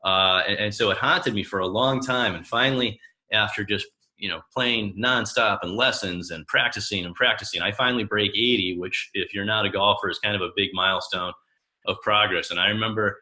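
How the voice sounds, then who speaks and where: A man in his thirties tells personal stories about family in a lively way. His voice is a little low for a man and bright, with a forward edge, and he acts out the lines of the people he quotes. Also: brisk. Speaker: coach. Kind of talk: personal storytelling talk.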